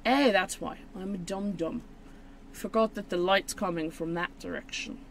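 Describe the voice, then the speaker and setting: A woman chatting casually as she opens trading cards on camera, rambling and mocking herself, with sudden high excited squeals. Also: moderate pace, slight background noise. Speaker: channel host. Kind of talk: casual card-opening video.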